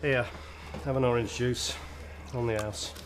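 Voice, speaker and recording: A man's voice: medium pitch, steady tone, measured pace, very noisy, close to an everyday voice. A man voicing a weary barista who rattles off drink lists in a comedy sketch. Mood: fed up. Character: weary male coffee shop barista.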